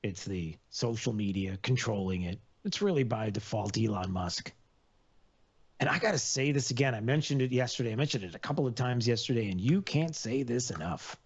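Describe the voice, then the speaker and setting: A man hosts a political talk radio show in a rambling, sarcastic monologue. He keeps circling back, with many fillers and restarts. His voice sits in a middle pitch, and the broadcast audio sounds slightly dull. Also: animated, a little fast, slightly rough.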